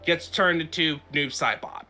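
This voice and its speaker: Bright-voiced man rambling through a recap. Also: a little high, unhurried. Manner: rambling recap with frequent "uh" and restarts. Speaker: podcast host. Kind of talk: casual podcast chat, recapping a game story.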